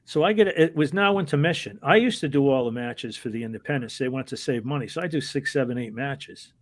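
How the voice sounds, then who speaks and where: A man's voice: medium pitch, fairly quick. A man, a former wrestling referee, telling anecdotes in an interview in a hesitant, rambling way and chuckling as he goes. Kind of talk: casual anecdotal storytelling.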